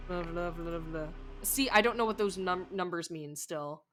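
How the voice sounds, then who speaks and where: A woman's voice: lowish voice, normal speed, few pauses, fairly bright tone. Chatty woman streamer over faint music. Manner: chatty and playful, reads in-game lines aloud and reacts. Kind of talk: live game commentary and reading dialogue aloud.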